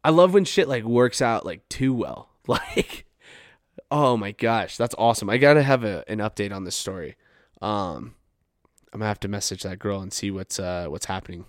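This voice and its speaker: A man's voice: fairly low pitch, moderate pace, no echo, clean studio sound. A young man from New Mexico, hosting a podcast from his couch at home and telling funny stories in a rambling, casual way with plenty of swearing and fillers. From Farmington, New Mexico, USA. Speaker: podcast host. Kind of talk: casual storytelling.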